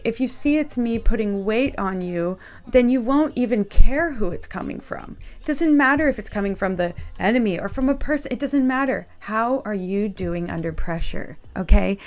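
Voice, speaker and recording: A woman speaks straight to her viewers in an earnest, heartfelt way, sharing a spiritual message as a faith video host. Her pitch sits in an ordinary middle range, and she keeps checking in with her listeners as she talks. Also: expressive, normal speed, hardly any pauses. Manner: earnest, emotional, addresses viewers directly with frequent "okay?". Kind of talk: casual spiritual talk to camera.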